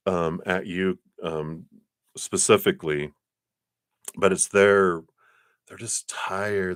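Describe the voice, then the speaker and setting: A man's voice: dry recording, clean studio sound. A man doing tarot card readings on a live stream, talking in a loose, spiritual way with many fillers. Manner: acts out quoted voices with big pitch jumps.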